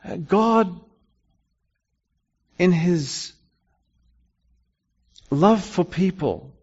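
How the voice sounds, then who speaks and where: A man preaching a sermon in a halting way, with frequent restarts and fillers. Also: high-pitched, lively intonation, a little mellow, slightly rough. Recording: dull lo-fi recording with long hall reverb.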